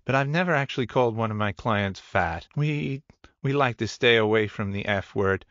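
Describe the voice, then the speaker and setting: A man's voice: lowish voice, lively intonation, normal speed, fairly bright tone, no room sound. A man voicing an eager, chatty young male gym trainer who rambles enthusiastically, in a dull, dry audiobook recording. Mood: enthusiastic.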